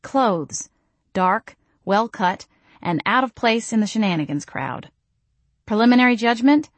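A woman's voice: fairly high pitch, lively intonation, unhurried, no room sound. A woman reading a first-person audiobook in a wry, self-deprecating way. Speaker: audiobook narrator.

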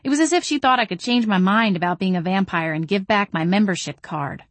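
A woman reads a first-person audiobook with a wry, deadpan touch. Her voice sits in an ordinary middle register. The sound is dry and close to the mic. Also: medium pitch, brisk, no room sound. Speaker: audiobook narrator.

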